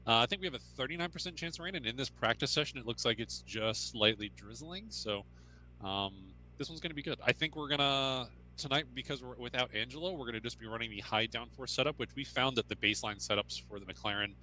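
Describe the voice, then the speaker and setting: A man's voice: medium pitch, quick pace, sharp tone, a little hiss or hum. A man hosting a live sim racing stream, talking casually while he drives, with frequent ums and easy laughs. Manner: chatty, laughs easily, many ums. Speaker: host.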